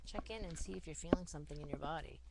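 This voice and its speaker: A woman with a low, deep voice leads a tapping session in short, repeated statements. Now and then she drives the lines out with emphatic force. A steady hiss and clicking sit under her voice. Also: racing, vocal fry. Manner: repetitive statements, rising into emphatic anger phrases. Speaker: tapping guide. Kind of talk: guided tapping script, spoken for listener to repeat. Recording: audible background hiss and clicks.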